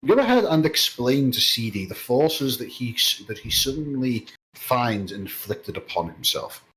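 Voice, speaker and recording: Guy running a tabletop game, dry and measured, voice rises and falls a lot. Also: mid-range voice, sing-song, fairly bright tone, rough recording. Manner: dry, measured rulings with hesitant fillers. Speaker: game master.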